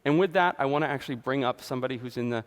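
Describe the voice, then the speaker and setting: A man's voice: medium pitch, racing. A man giving a conference presentation on stage, speaking fluently with frequent fillers and restarts. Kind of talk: conference keynote talk. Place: large conference hall. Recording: long hall reverb.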